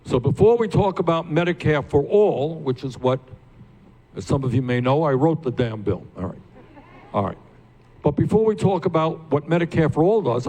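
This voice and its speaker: An older man hosting a town hall as a candidate speaks in a slightly high, sing-song, warm voice, a little fast. He's emphatic, putting questions straight to the crowd and building to passionate peaks.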